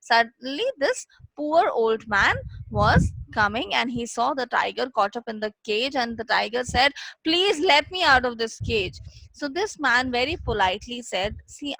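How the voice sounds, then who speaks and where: A woman's voice: a little high, creaky, a bit bright, no echo, low-quality recording. A woman teacher with an Indian English accent, reading a story aloud to schoolchildren and retelling it in simple words. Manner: paraphrases the story in simple words, acting out lines with voices.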